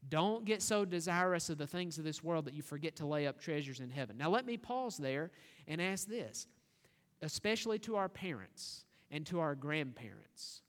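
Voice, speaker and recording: A man's voice: fairly high pitch, lively intonation, moderate pace. A man preaching a sermon, earnest and full of rhetorical questions, building to an emphatic scripture reading. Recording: long reverb of a church hall.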